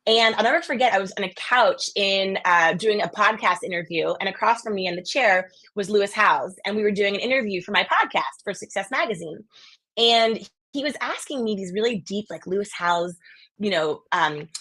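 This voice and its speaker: A woman's voice: mid-range voice, normal speed, a bit bright. A woman from the US East Coast, a podcast guest, chatting casually and telling stories energetically with lots of quoted voices. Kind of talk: casual interview chat.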